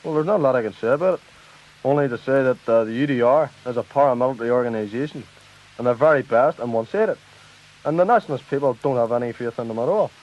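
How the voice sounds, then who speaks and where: An indignant politician, voiced by a man, rattles through his points with hesitant uhs. The delivery is quick, and the recording sounds dull and lo-fi. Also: mid-range voice, close to an everyday voice. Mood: flat. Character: indignant male politician in a debate.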